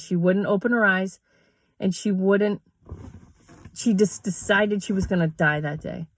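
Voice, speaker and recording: Speaking in a fairly low voice, a middle-aged yoga teacher who vlogs tells a personal story with candor and emotion, laughing and cursing between lines. The studio-quality recording has no echo.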